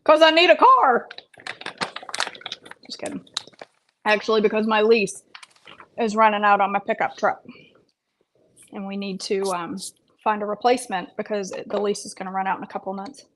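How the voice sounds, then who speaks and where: On a casual livestream, a woman who works as a health coach and vlog host chats playfully while eating, cracking self-deprecating jokes. Her mid-range voice is brisk and flat in delivery. The recording is low quality, with slight background noise.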